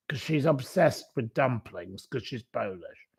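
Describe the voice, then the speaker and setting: Brief: male live-streamer, scornful and rambling, slow with gravelly fry. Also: medium pitch, big pitch swings, a little mellow.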